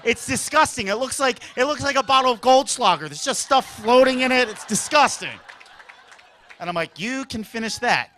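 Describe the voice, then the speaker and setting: A man doing a stand-up routine on a comedy club stage, telling stories in an animated, exaggerated way. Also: very high-pitched, normal speed, slight background noise.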